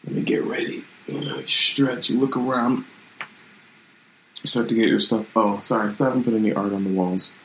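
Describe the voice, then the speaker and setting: A man's voice: on the low side, fairly even intonation, a little fast, a bit bright, slight background noise, low-quality recording. A man hosting his own channel, talking in a loose, rambling and reflective way in a casual live-streamed vlog from his room at home.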